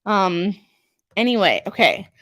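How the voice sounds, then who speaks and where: Her voice sits at a medium pitch and sounds a bit bright, very animated yet measured in pace. On a casual live stream for her small craft shop, she gushes over her products, ums a lot, and responds to viewer comments after reading them aloud.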